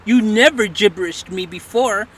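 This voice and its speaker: Casting: livestream host, man, high and bright voice, loose rambling chat, playful. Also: moderate pace.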